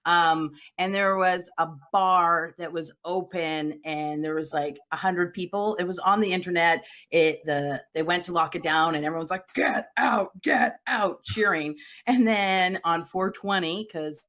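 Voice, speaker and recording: A woman's voice: fairly low pitch, steady tone, a little slow, few pauses, a bit bright. Chatty self-mocking woman from Canada. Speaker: comedian guest. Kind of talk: casual comic storytelling. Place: home, video call.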